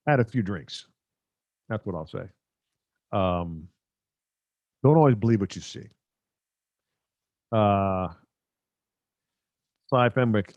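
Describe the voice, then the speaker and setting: A man's voice: mid-range voice, darkish tone, no room sound. Rambling, joking middle-aged man, dry close mic. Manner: rambling, joking, self-mocking. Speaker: sportscaster hosting a live stream. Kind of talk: casual live-stream chat reading viewer comments. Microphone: close microphone.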